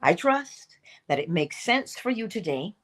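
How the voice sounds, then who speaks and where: A woman hosting an inspirational morning livestream, talking in an animated, emphatic way and laughing often. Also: fairly low pitch, unhurried. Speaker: host.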